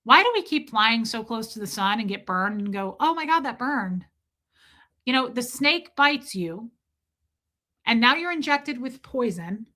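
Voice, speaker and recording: Bright-voiced woman telling a story on a livestream. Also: a little high, animated, moderate pace. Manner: emphatic storytelling, acts out quoted voices. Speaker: livestream host. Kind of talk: casual livestream chat.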